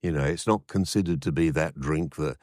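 An older man, co-hosting a casual chat, talking haltingly with many restarts and fillers. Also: very deep voice, darkish tone, dry recording, clean studio sound. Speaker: podcast co-host.

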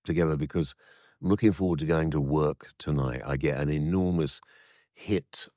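Older man, very low voice, dry close sound, casual joking chat, plenty of ums and restarts. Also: moderate pace, mellow, no room sound. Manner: hesitant, joking, full of fillers. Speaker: podcast co-host.

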